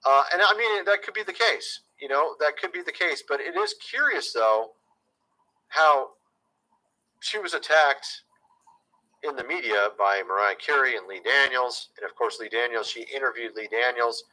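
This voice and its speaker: A man's voice: mid-range voice, normal speed, sharp tone, low-quality recording. A man talking casually to his viewers as a YouTube commentator, chatty and conspiratorial, often calling them "folks".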